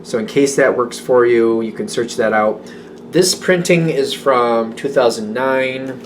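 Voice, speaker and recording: Guy doing a tarot read, rambly, gets excited, keeps correcting himself. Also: mid-range voice, unhurried, a little hiss or hum. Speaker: tarot reader. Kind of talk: casual tarot reading.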